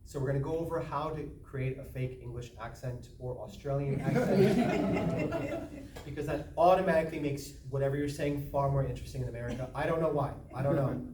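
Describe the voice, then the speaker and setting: A man's voice: medium pitch, fairly quick. Distant echoey man leading a workshop. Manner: conversational, joking, earnest. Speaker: workshop presenter. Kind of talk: speaking-skills training talk. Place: room with a small group. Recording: echoey room, from far off, background noise.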